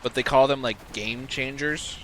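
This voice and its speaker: A man's voice: medium pitch, fairly even intonation, measured pace. A young man in casual chat while gaming, rambling with lots of fillers and restarts. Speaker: podcast co-host and gamer. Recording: game sound noise behind. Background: video game gunfire.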